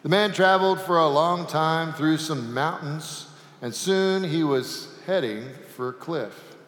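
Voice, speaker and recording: Slow-speaking preacher in an echoey sanctuary. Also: male voice, a little high, a bit bright. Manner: folksy storytelling with jokes. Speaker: pastor. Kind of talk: sermon. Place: church sanctuary. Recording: echoey sanctuary with long reverb.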